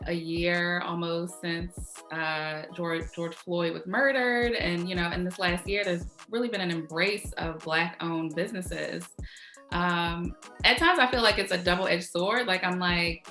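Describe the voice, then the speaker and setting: A woman's voice: lowish voice, bright, forceful tone, reverberant. A woman hosting a casual interview, asking thoughtful conversational questions. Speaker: interview host.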